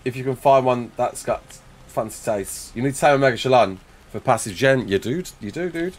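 Here a young English streamer talks a little fast in a medium-pitched voice. While playing a game live, he keeps up casual chat, reading viewer comments aloud and replying to them through his desk mic, with a face cam running.

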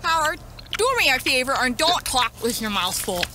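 A woman's voice: sits high, very animated, moderate pace, background noise. An actress playing a put-upon cartoon mother who complains about doing all the chores. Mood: weary. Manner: weary, complaining. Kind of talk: cartoon voice acting.

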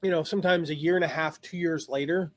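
A man's voice: on the high side, fairly even intonation, fast, dry recording. A man hosting a live online lesson, talking through ideas with many restarts. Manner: rambling, thinks aloud with many restarts. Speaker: host.

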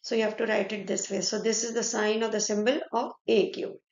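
A woman's voice: medium pitch, little pitch movement, fairly quick, creaky, darkish tone. A woman with an Indian accent teaching a French lesson, explaining step by step and checking in often with "right?" and "okay". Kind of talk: explaining a French lesson in mixed Hindi and English. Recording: echoey room, dull lo-fi sound.

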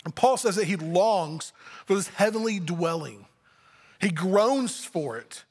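A man's voice: sits high, expressive, slow pace, big-room sound. A man preaching a sermon as pastor, talking in a conversational way and acting out little family dialogues. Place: church sanctuary.

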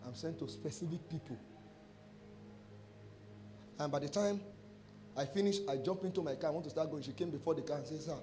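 A Nigerian pastor with a noticeably high voice preaches through a string of testimony stories. He acts out each exchange in lively quoted dialogue and drops into pidgin phrases as he goes. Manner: animated storyteller acting out dialogue. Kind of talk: sermon testimony.

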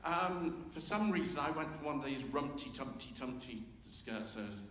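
A man's voice: mid-range voice, lively intonation, normal speed, few pauses, fairly bright tone, a little hiss or hum. An older man, a composer chatting informally to a concert audience about his symphony and humming its themes. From England. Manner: hums and sings themes to illustrate, with self-deprecating humour. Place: large concert hall. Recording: roomy hall reverb, faint ambience.

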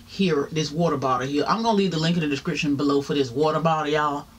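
A woman's voice: sits low, fast, a little hiss or hum. A woman vlogging a mukbang from home, chatting casually to her viewers as she eats. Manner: chatty, talks straight to viewers, religious exclamations. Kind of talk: casual chat while eating. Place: home, seated in a chair.

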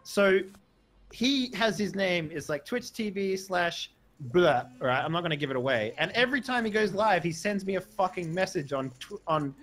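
A man's voice: sits high, expressive, moderate pace, fairly bright tone. A man streaming online poker, chatting with friends in a crude, boisterous way over voice chat. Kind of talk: casual gaming chat with friends.

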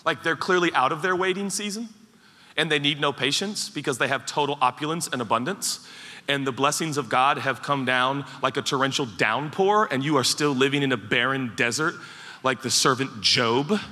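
Animated preacher in a reverberant hall. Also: male voice, mid-range voice, normal speed. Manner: animated, acts out mock voices and quotes. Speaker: pastor. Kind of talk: sermon. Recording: large hall with long reverb.

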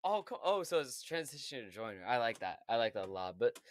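A man's voice: mid-range voice, sing-song, fast talker. A man hosting a music reaction video, getting over a cold, exclaiming and stammering in awe between replays. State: hoarse from a cold. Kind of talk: casual reaction commentary.

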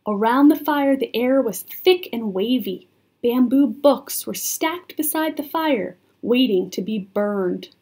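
A woman reads a children's chapter book aloud with an expressive, sing-song pitch and a slow, unhurried pace. Her voice is soft and breathy, and she pauses to chat with the listener. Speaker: storyteller.

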